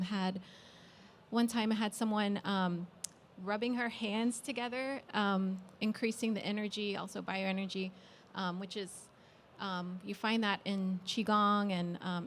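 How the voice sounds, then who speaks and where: A woman panelist and harpist talking in a relaxed, thoughtful way, with frequent pauses on "um.". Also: medium pitch, a little hiss or hum. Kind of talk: casual panel talk.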